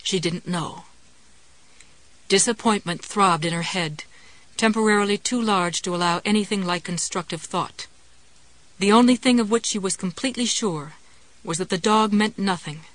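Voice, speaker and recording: A woman reading a suspense novel aloud as audiobook narration in a steady, measured way. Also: mid-range voice, no room sound, rough recording. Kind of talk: scripted narration.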